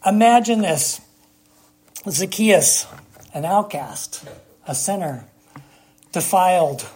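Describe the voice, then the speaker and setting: A preacher giving a sermon, speaking emphatically with long dramatic pauses and rhetorical questions to the congregation. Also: medium pitch, lively intonation, darkish tone, breathy edge.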